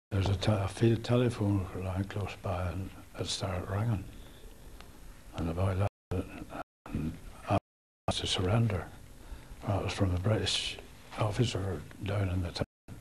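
A Northern Irish man in his eighties, a war veteran recalling events in a halting oral history interview with restarts and soft chuckles. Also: deep voice, steady tone, slight background noise, poor audio. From Northern Ireland. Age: 80s.

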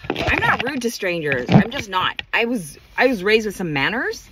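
A woman's voice: medium pitch, big pitch swings, moderate pace, heavy background noise. A woman ranting furiously to camera, swearing a lot and hammering her points home. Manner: furious, profane, emphatic. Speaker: vlogger. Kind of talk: angry rant to camera.

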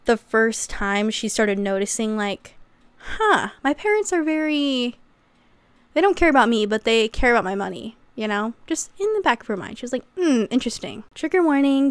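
A woman's voice: fairly high pitch, clean tone, no room sound. A young woman recapping a memoir in a casual, chatty way, with sarcastic asides and acted-out quotes. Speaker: YouTuber.

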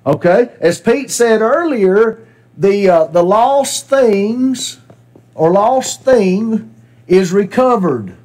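High-voiced man teaching a class. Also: animated, extremely slow, a little mellow. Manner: conversational, asks class questions and repeats their answers. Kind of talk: interactive Bible class teaching. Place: church classroom.

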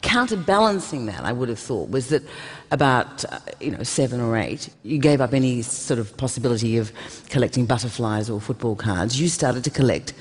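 Interviewer asking wry teasing questions, a bit husky, voice goes up and down a lot, big echoey hall sound. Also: medium pitch, animated, a little fast. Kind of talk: live on-stage interview. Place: large concert hall stage. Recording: long reverb of a large hall.

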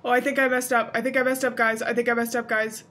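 A woman's voice: on the high side, little pitch movement, quick pace, a bit bright, slight background noise. A young woman giving casual let's play commentary, chatty and playful, talking to her viewers and easily startled. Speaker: gaming youtuber.

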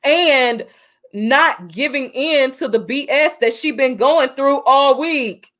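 High-voiced woman, earnest and analytical. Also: takes it slowly, fairly bright tone. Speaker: podcast co-host. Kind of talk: casual movie review chat.

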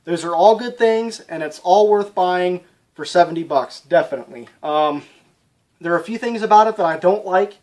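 A man's voice: sits high, normal speed, darkish tone. A man casually reviewing an airsoft rifle for his channel, talking plainly with lots of ums and sounding a little out of breath. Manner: chatty, frequent ums, plainspoken. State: slightly out of breath.

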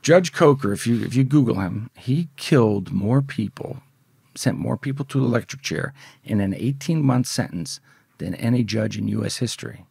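A man's voice: medium pitch, animated, moderate pace, vocal fry, darkish tone, slightly rough, no room sound, studio quality. A man guest in an interview, telling a story in a rambling, profane, conversational way. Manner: profane, rambling, repeats words as he goes. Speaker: podcast guest.

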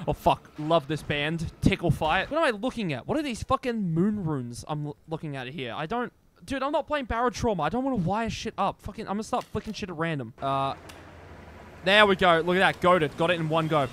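A young man doing casual let's-play commentary as a gaming streamer, joking, swearing and reacting loudly to what happens on screen. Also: on the high side, fairly quick, slight background noise. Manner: excitable, swearing, jokey.

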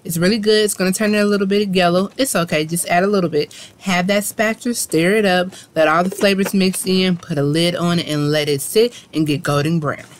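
A woman with a low, easy voice walks viewers through a home recipe in a chatty, encouraging way. She talks over a pan in her kitchen, with faint frying noise under her words. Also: fairly even intonation, fairly quick, hardly any pauses. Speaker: cooking channel host. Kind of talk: casual cooking demonstration.

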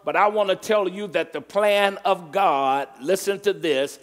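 A man preaching a sermon as pastor, stretching out stressed words and calling on the congregation to answer. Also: high-pitched. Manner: emphatic preaching, drawn-out stressed words, call and response. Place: church sanctuary. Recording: long reverb from a large hall.

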